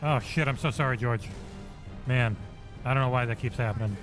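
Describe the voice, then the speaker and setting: A man streaming a game for charity on a headset mic, chatting excitedly with viewers and swearing freely. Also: medium pitch, fairly quick. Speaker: charity livestream gamer. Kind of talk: casual game-stream commentary. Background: game music.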